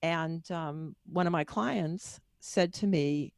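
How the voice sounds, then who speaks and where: A woman's voice: low-pitched, slow, gravelly, few pauses, darkish tone, no room sound, studio quality. A middle-aged woman being interviewed as a guest author and coach, telling her story in a candid, personal, wandering way.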